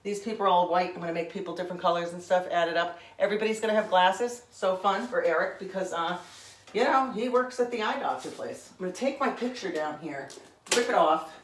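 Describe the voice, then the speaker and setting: A woman's voice: lowish voice, fairly quick, reverberant, far from the mic, slight background noise. A woman in her forties from Connecticut, teaching a painting lesson in a chatty, rambling way, often checking in with "okay?". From Connecticut, USA. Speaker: art instructor. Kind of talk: painting tutorial with chatty asides.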